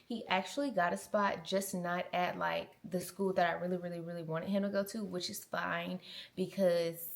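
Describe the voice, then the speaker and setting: A woman's voice: on the low side, moderate pace, vocal fry. A woman in her twenties, a mom vlogger chatting casually and animatedly to her camera. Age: 20s. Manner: chatty, animated, uses y'all and girl. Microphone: small handheld camera.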